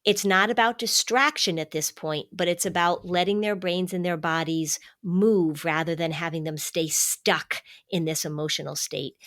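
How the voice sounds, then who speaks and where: A middle-aged woman hosting a parenting podcast, explaining calmly and emphatically, slowing down to stress key points. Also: on the low side, no room sound, clean studio sound. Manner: calm, warm-hearted, emphatic, slows for stress. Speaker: podcast host, anxiety expert.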